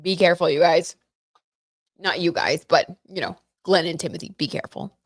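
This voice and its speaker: With a voice on the low side and a normal speaking speed, a young livestream host talks casually about celebrity gossip and tarot, often saying "like" and "you know." The audio is clean studio sound with no room sound.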